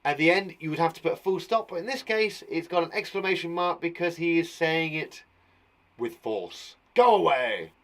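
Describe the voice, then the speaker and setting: A man's voice: on the high side, normal speed, a bit bright. A man teaching a children's punctuation lesson online, chatty and playful, with jokes between his explanations. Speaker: primary school teacher.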